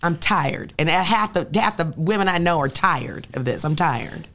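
Low-pitched woman from illinois, emphatic political chat, fired up. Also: animated, measured pace, a bit bright. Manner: emphatic, rallying. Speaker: state senator guest.

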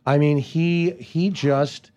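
A man from Canada, a voice actor guest, telling lively stories in casual chat and slipping into impressions. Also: a little high, slow pace, muffled recording. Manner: animated storyteller who slips into impressions.

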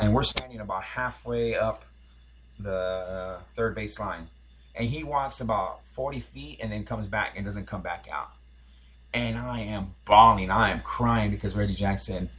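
Guy in his 40s rambling thru a story on a podcast, kinda low husky voice, lots of ums. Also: fairly bright tone. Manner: rambling nostalgic storytelling with many fillers and restarts. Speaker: podcast host. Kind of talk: casual storytelling.

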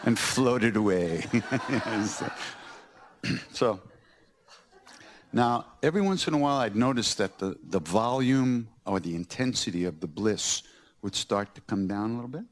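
A man's voice: fairly low pitch, a little slow, long pauses. A man hosting a podcast, recounting personal stories and acting out the scenes with laughter. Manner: animated, acts out scenes with laughter. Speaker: podcast host.

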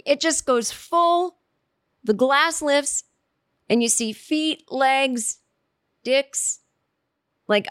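A woman spins a comic story out loud, circling back on herself and piling on "like" and "you know". Her voice leaps up when she hits a punchline. The recording is close and dry, with no room sound. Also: dry recording. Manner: rambling, self-interrupting, lots of "like" and "you know"; animated, jumps in pitch for emphasis.

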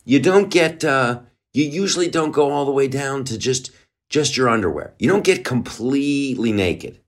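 A podcast host riffs through a loose, rambling comedic monologue, packed with "uh" fillers, restarts, and mocking asides. His mid-range voice has lively intonation and moves at a normal speed.

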